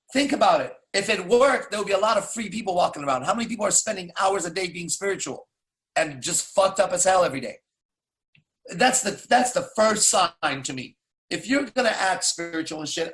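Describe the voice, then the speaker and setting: A dating coach with a high, slightly bright voice delivers a blunt, profane, casual monologue, firing off rhetorical questions as he coaches.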